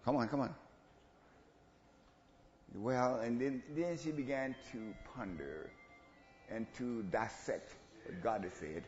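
A man preaching an animated sermon, swinging between hushed asides and loud calls to the congregation. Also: slow pace, long pauses, soft background music. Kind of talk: call-and-response sermon. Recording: roomy, dull low-fi church recording with faint ambience.

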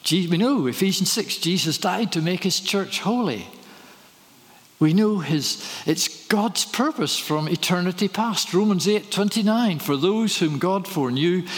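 A man's voice: fairly high pitch, fairly bright tone. Preaching man in a reverberant hall. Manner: storytelling, rhetorical questions. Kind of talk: sermon.

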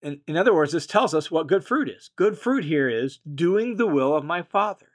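A man with a voice pitched a little above the usual teaches scripture verse by verse. He explains each point patiently, then restates it in plainer words. He presses emphatically on the phrases that matter most. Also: expressive, moderate pace. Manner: emphatic, leans on key phrases. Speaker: Bible teacher.

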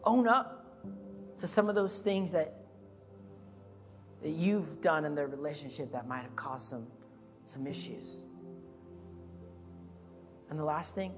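A male pastor preaching a sermon, emphatic, rising to loud high peaks and then settling into calm, personal storytelling. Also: slow pace, long pauses. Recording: reverberant church hall with music.

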